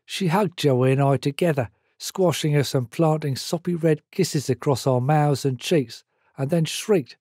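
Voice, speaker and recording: An older man reading his own memoir aloud in a measured storytelling manner. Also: on the high side, a little mellow, breathy edge, dry recording, clean studio sound. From Britain. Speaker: memoir author.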